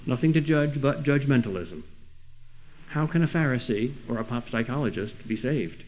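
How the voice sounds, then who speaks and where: A man's voice: mid-range voice, lively intonation, normal speed, a little mellow, slight background noise, poor audio. A man delivering a sermon-like lecture, earnest and full of rhetorical questions with rising emphasis. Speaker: speaker.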